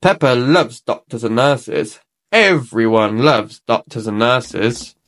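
A man reading a children's storybook aloud in an expressive, animated way. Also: mid-range voice, slow.

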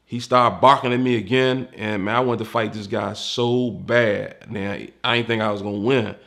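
Telling candid, profane stories from his homicide career, this retired DC detective acts out everyone he quotes. His gravelly voice is on the low side yet fairly bright, with a steady tone and moderate pace.

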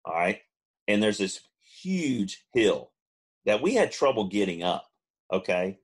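A man, co-hosting a podcast and telling a long funny story, now and then mimicking friends in high voices. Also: very animated, a little slow, breathy edge. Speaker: podcast co-host. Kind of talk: casual storytelling.

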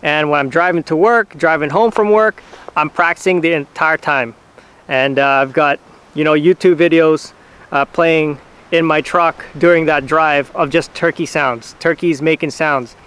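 Smooth-voiced man giving patient how-to tips. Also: fairly high pitch. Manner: relaxed, patient, talks in short halting phrases with fillers. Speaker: hunting channel host teaching turkey calls. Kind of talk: casual how-to instruction.

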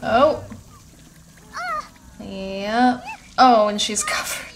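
Slow-talking woman chatting over gameplay. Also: medium pitch, steady tone, over music. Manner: chatty, bossing her game characters around. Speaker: gaming channel host. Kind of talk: casual gameplay commentary.

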